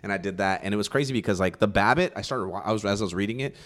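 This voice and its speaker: A man's voice: lowish voice, racing, a bit bright. A young man from California chatting casually, rambling and swearing, with lots of fillers and restarts. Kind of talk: casual chat.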